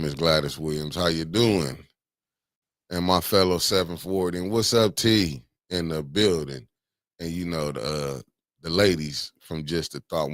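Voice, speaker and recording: A man's voice: low voice, no echo, studio quality. A man hosting a casual morning livestream, greeting viewers one by one in a laid-back, slangy way and repeating his catchphrases. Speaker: livestream morning show host.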